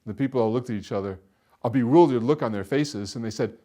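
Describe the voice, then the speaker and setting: A man telling a folktale in an animated, expressive way, slowing down for effect. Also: mid-range voice. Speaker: storyteller. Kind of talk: folktale storytelling performance.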